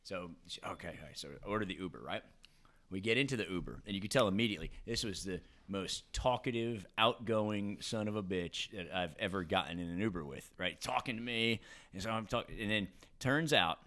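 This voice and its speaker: A man co-hosting a podcast, telling stories in an animated way and laughing often. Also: fairly low pitch, a little fast. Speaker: podcast co-host. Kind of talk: casual podcast chat and storytelling.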